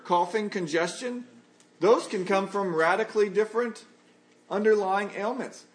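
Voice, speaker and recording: High-voiced earnest man preaching. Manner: earnest, conversational preaching with lively examples. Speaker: pastor. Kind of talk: sermon.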